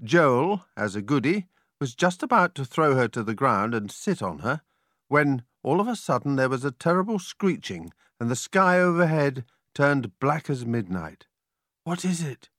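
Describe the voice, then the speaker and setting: A man reading a children's storybook aloud, with an animated, expressive delivery. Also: medium pitch, moderate pace, dry recording, clean studio sound. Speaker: audiobook reader.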